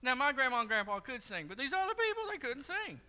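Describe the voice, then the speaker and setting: A pastor giving a sermon in a church, telling stories in a conversational, joking way. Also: male voice, extremely high pitch, sing-song, quick pace, pushed and bright. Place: church sanctuary. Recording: long hall reverb.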